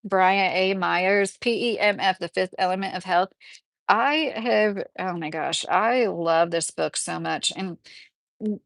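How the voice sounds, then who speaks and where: A woman's voice: medium pitch, a little slow, vocal fry, dry recording. A woman with a Kentucky accent hosting a livestream, chatting in a rambling way with lots of fillers. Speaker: livestream host. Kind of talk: casual livestream chat.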